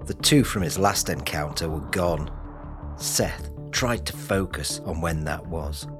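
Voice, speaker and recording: A man narrating an audiobook in a steady, measured storytelling manner, over music. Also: sits low. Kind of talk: scripted narration.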